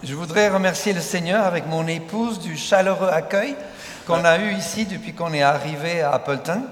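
An older man with a French accent delivers a sermon in short measured phrases with hesitant fillers, waiting between them for his interpreter. His voice sits a bit high for a man. The church sanctuary rings with a long, roomy echo. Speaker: visiting pastor. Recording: echoey church hall.

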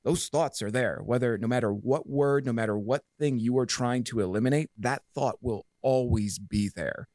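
A man's voice: mid-range voice, normal speed, few pauses, darkish tone, no echo, clean studio sound. Profane, emphatic man in casual podcast chat. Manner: profane, emphatic, rambling with fillers. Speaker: podcast guest.

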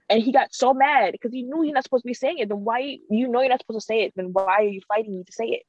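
A woman's voice: a little high, quick pace, hardly any pauses, a little mellow, dry recording. A woman in casual chat, talking bluntly and swearing freely. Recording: dry, dull lo-fi sound.

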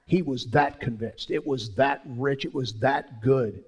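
A man preaching a sermon as pastor, telling stories with sudden swings between loud and soft. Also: mid-range voice, measured pace, husky.

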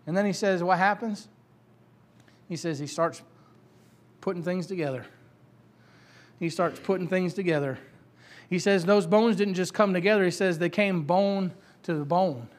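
Give me a high-pitched man preaching a lively, conversational sermon with loud emphatic climbs. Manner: animated, rising to loud emphatic peaks, with frequent laughs; casual conversational storytelling.

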